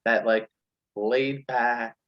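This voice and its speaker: A man's voice: mid-range voice, fairly even intonation, extremely slow. A man guesting on a podcast, telling a story in casual chat and acting out quotes with lots of fillers. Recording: dull lo-fi sound.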